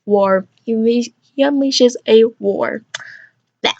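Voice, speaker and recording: A teenage girl hosting a student radio show, reading slowly and tripping over the words, with self-mocking asides. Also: fairly high pitch, a little mellow, dry recording, highs cut off. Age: teens. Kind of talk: reading a script in mock Shakespearean English, with bloopers.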